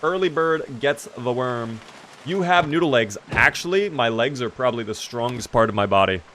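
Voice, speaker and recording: Speaking at a moderate pace in a mid-range voice, a young man live-streams a survival game, chatting loosely and reading chat aloud. He gets animated and exasperated with his character, over a little hiss or hum.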